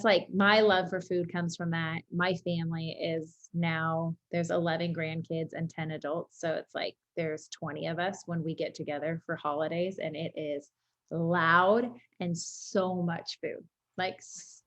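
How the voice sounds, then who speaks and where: A woman cookbook author telling lively family stories over a video call, full of casual fillers. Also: fairly low pitch, a little slow. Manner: lively storytelling, many fillers like "like". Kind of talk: casual conversation.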